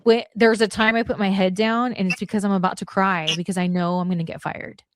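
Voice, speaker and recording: A woman's voice: medium pitch, steady tone, fast, background noise. A woman in her forties, a guest on a podcast, telling stories bluntly and acting out the lines she quotes. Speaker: podcast guest, former wrestler. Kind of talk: casual storytelling chat.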